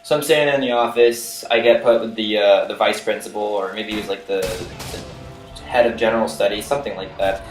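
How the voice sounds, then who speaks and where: A man's voice: fairly low pitch, steady tone, brisk, faint music behind. A young man casually telling a story from his school days, rambling with lots of "like" and "you know". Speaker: vlogger. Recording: roomy echo with faint noise.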